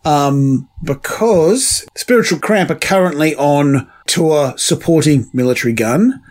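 A man's voice: a little high, a little slow, darkish tone. A man co-hosting a music podcast, trading sweary, sardonic banter in casual chat. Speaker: podcast co-host.

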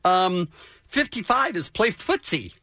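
A man's voice: sits high, big pitch swings, unhurried, pushed and bright, dry recording, studio quality. A man hosting a radio morning show, reading items aloud in casual banter with incredulous mock outrage. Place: radio studio.

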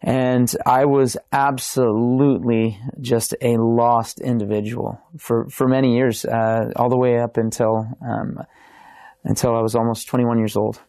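A man's voice: medium pitch, flat delivery, measured pace, warm tone, dry recording. A man in his thirties, a podcast guest telling his faith testimony in an earnest, restart-filled storytelling way. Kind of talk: testimony in casual interview.

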